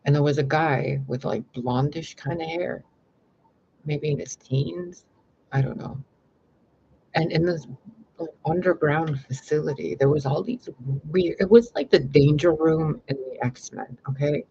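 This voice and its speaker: A man telling a long dream story to his viewers in a rambling, animated way with lots of fillers. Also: a little slow, creaky. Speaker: spiritual vlogger. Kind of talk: casual storytelling to camera. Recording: slightly dull lo-fi with faint rumble.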